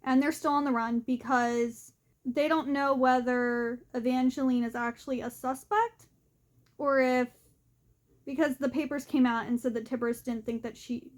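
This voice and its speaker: A young woman vlogger giving a casual, rambling spoken recap of a book, often saying "like". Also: a little high. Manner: chatty and rambling, often says "like".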